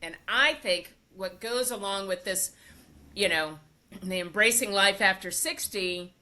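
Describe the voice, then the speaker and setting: An older woman hosts a relaxed podcast conversation in a bright voice. She talks casually, leaning on fillers and laughing easily with her guest. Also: mid-range voice, unhurried. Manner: chatty, warm laughter, many fillers. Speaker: podcast host. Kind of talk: casual interview chat.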